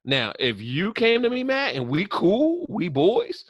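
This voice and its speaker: A man's voice: high-pitched, measured pace, no echo, highs cut off. A man co-hosting a podcast in casual chat, telling stories with lots of swearing and acted-out quotes. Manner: animated storyteller, swears freely, acts out quotes. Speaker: podcast co-host.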